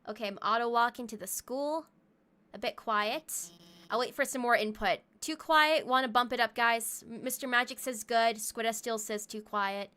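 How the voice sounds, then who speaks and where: Playful high-voiced woman streamer. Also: moderate pace, pushed and bright, clear, resonant tone. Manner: playful, chatty with viewers. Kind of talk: casual gaming livestream chat. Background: faint game music.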